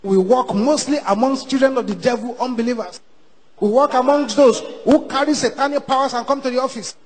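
A man as a pastor leading a loud prayer sermon in a church service, shouting commands and speaking in tongues. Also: very high-pitched, fairly quick.

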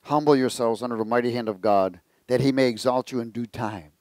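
A man's voice: medium pitch, steady tone, a little fast, a little mellow, no echo. A man preaching a conversational sermon, telling jokes and asking the congregation questions. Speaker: pastor.

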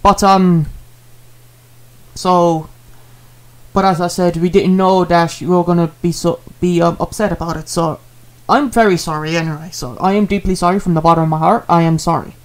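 A man's voice: sits high, fairly even intonation, moderate pace. Rambling earnest man. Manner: rambling, repetitive, earnest with fillers. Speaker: streamer apologizing to a viewer. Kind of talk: casual apology vlog.

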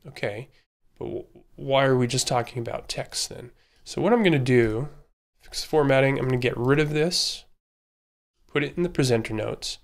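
A man narrating a screen-recorded tutorial, thinking aloud in a relaxed way with plenty of fillers as he works. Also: mid-range voice. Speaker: instructor.

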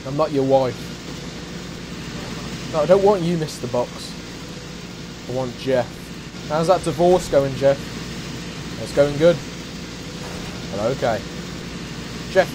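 A man giving excitable, profane let's play commentary as a gaming YouTuber, trash-talking and shouting now and then. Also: fairly high pitch, a little slow, long pauses, noisy background. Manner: shouts and whoops suddenly. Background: game music.

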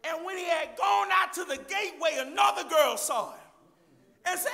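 Man, pastor, gravelly, shouting, sermon. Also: very high-pitched, animated, moderate pace, a faint crowd. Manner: preaching loudly, addressing the congregation as church.

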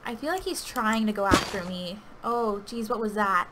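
A woman giving anxious, pleading live commentary on her own gameplay, with sudden loud outbursts. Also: mid-range voice, moderate pace, slight background noise, poor audio. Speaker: gaming video creator. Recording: keyboard clicking audible behind voice.

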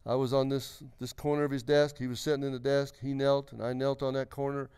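Earnest older preacher with a smooth voice. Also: male voice, mid-range voice, little pitch movement, fairly quick, darkish tone. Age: 60s. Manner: earnest, emphatic storytelling with many restarts. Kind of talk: sermon testimony. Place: church.

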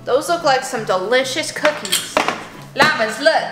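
A woman's voice: sits high, measured pace, echoey room, over loud music. A young adult woman narrating a playful vlog, talking animatedly to her toy llamas and to viewers. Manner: animated, talks to toys and viewers. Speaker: vlogger playing with toy llamas.

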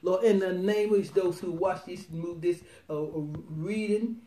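A woman in her nineties, an evangelist, telling her testimony in a rambling, excited, laughing way. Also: lowish voice, measured pace, reverberant, recorded from a distance. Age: 90s.

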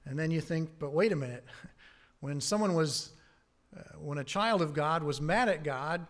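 A man preaching a sermon as pastor, earnest, rising on key words and dropping low on asides. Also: unhurried, fairly bright tone.

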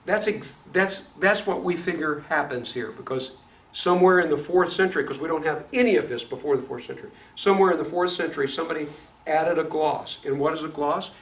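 A man with a Midwestern accent teaching a Bible study class, lively and often asking the class questions. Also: on the high side, a little fast. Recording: echoey classroom from far off, noisy.

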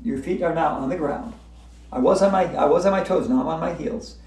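In an echoey hotel room, a woman's deep, somewhat mellow voice carries from afar as she teaches yoga a little quickly. She stays upbeat, chanting repeated breathing cues and laughing now and then.

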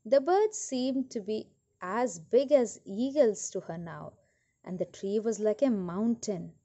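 A woman reading a story aloud to children, animated and stopping to ask questions. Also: mid-range voice, slow. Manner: animated, asks listeners questions.

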